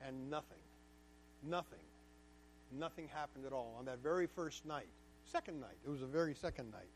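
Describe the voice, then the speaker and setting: High-voiced man telling his story emphatically. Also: slight background noise. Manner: emphatic, candid, repeats words for stress. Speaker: guest speaker to a class. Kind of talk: personal storytelling lecture.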